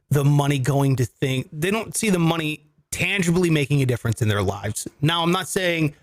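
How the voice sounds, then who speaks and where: A man's voice: on the high side, no room sound. A man co-hosting a comedy finance podcast, explaining with jokes and casual swearing. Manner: animated, jokey, swears casually. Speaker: co-host.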